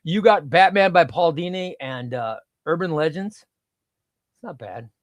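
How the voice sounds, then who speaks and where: A man's voice: a little high, a little slow, dry recording. A middle-aged man hosting a casual comic book livestream, rambling and reading chat aloud.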